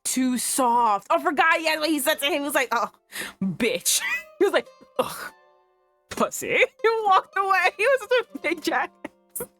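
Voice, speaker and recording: Lively, giggly woman streamer, tired. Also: high voice, brisk, soft background music. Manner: giggly, swears casually, many "like" and "um" fillers. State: tired late at night. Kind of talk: casual live-stream commentary while playing a visual novel.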